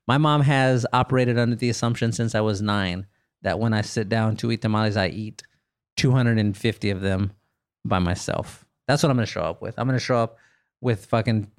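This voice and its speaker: A man hosts a comedy podcast, fielding listener questions in a loose, jokey Q&A full of stories and quick bursts of laughter. His mid-range voice is clear and resonant. The studio recording is clean and dry.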